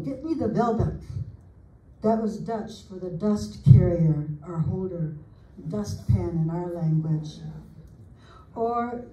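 An older woman from the United States reading family recollections aloud in an unhurried, homely way, adding small asides as she goes. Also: medium pitch, mellow, slight background noise. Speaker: family historian presenter. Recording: roomy sound from a distant mic.

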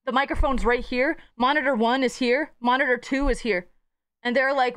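A woman's voice: high voice, fairly even intonation, fairly bright tone, clean tone. A young woman streaming live, chatting casually with her chat, playful and profane. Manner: playful, swearing, quick jumps between topics.

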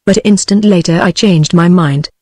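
A woman's voice: lowish voice, normal speed, no echo. Dry synthetic British woman narrating. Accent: British English. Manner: steady, even synthetic delivery. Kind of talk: text-to-speech audiobook reading.

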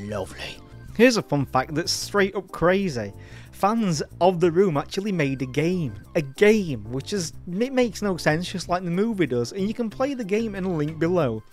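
A man hosting a comedic film review, sardonic, mocking and sweary. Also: on the high side.

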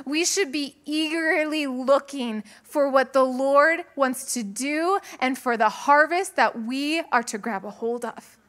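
Woman, pastor, conversational sermon, high pitch, crisp bright tone, frequent laughs. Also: a little slow. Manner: chatty, laughs often, lively asides to the congregation. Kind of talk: conversational sermon with personal stories. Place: church sanctuary with a live congregation.

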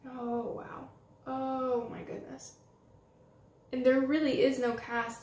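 A young woman doing a casual makeup tutorial at home, gushing and excitable as she talks while applying makeup. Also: fairly high pitch, slow pace, creaky, a little hiss or hum. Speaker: beauty vlogger. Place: home room with setting sunlight. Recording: roomy home recording with faint ambience.

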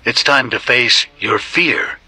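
A woman putting on a deep, slow, ominous announcer voice with music behind. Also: bright, forceful tone, full character voice. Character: deep booming game-show announcer voice.

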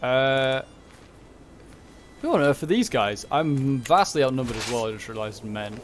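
A young man giving casual commentary on a strategy game, thinking aloud and muttering quick reactions. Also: mid-range voice, expressive, slight background noise. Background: background music.

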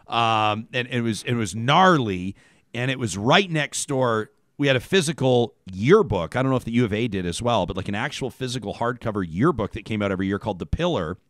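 A man's voice: mid-range voice, fairly bright tone, no echo, clean studio sound. A man hosting a talk show, talking in a rambling, casual way with many restarts.

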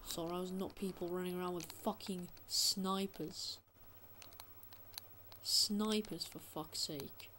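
A man's voice: sits high, level tone, normal speed, few pauses, sharp tone, slight background noise. A man giving an angry, profanity-heavy rant as gameplay commentary, sounding exasperated throughout. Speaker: gaming channel host.

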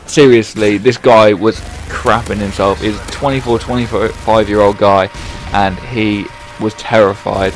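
Young guy telling a funny story. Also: medium pitch. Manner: animated anecdote-telling, casual swearing. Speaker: YouTube gameplay commentator. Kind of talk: casual storytelling voiceover.

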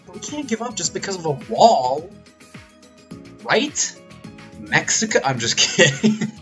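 Game streamer, man, crude jokey riffs, very animated pitch, over game music. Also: unhurried. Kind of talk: live gameplay commentary.

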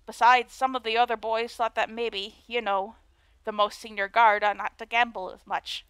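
A woman voicing a very old male castle guard with a put-on Cockney accent, gruff, foggy but capable. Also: on the high side, flat delivery, normal speed, a bit bright, no room sound, lightly acted. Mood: weary.

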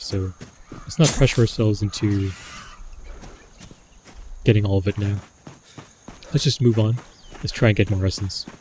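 A man's voice: on the low side, darkish tone, slight background noise. A man giving casual running commentary while playing a survival game, talking himself through his choices. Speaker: gameplay commentator.

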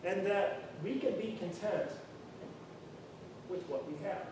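A man's voice: sits high, takes it slowly. A man preaching a sermon in a conversational, earnest way, often restarting and saying "you know", in a church. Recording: very echoey room, far from mic, faint noise.

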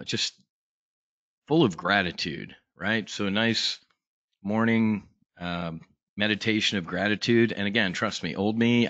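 Deep-voiced guy rambling thru a live trading brief, lots of uhs, swears a bit, dull dry lo-fi sound. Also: fairly bright tone, dry recording. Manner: rambling, many fillers and restarts, blunt and profane. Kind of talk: casual live market talk.

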